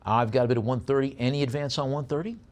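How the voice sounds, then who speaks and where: A man working as an auctioneer, calling bids briskly and slowing down, with many "uh" pauses, to describe each piece. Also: mid-range voice, fairly even intonation, a little mellow. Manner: brisk bid calling between slower item descriptions; many filler pauses when describing items.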